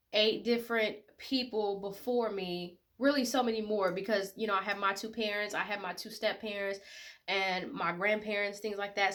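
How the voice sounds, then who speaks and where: A woman's voice: medium pitch, fairly bright tone. A woman in her twenties talking casually and heartfelt to her viewers, emotional and full of fillers. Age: 20s. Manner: emotional, tearful at times, many fillers. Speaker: vlogger. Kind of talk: casual personal talk to camera.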